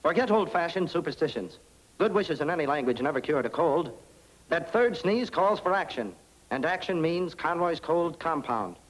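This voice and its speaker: An actor playing a radio announcer reading an ad and an introduction in a polished, selling 1940s style. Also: male voice, fairly high pitch, lively intonation, normal speed, poor audio. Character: smooth male radio announcer.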